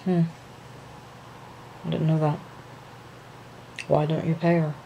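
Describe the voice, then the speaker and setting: Woman doing a soft-spoken young male dancer. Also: sits low, little pitch movement, gravelly, slight background noise, exaggerated voice, low-quality recording. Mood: gentle. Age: young adult. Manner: slow, soothing, hesitant with many ums. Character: young adult male dancer, gentle and reassuring.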